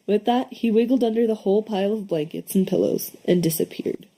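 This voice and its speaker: A young woman reading a children's storybook aloud, expressive, with lively voices for the characters. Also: medium pitch, brisk. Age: young adult. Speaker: audiobook reader.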